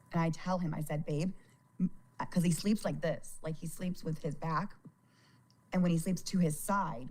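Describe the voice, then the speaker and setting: A woman chats casually on a livestream with a fairly low-pitched voice. She sounds worried and exasperated, often tripping over her words and repeating them. She swears freely as she talks. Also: a little mellow. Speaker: live streamer.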